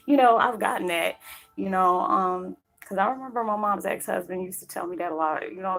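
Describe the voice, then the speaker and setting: A woman's voice: lowish voice, brisk, vocal fry, fairly bright tone, low-quality recording. A woman vlogger talking earnestly about her spiritual path, rambling with many fillers and close to tears. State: choked up, near tears. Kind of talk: emotional personal talk to camera. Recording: faint background music.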